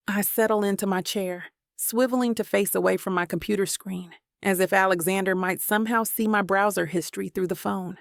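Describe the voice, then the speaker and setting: A woman narrating a first-person romance audiobook in a measured, introspective way on a close mic. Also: mid-range voice, fairly even intonation, creaky, dry recording.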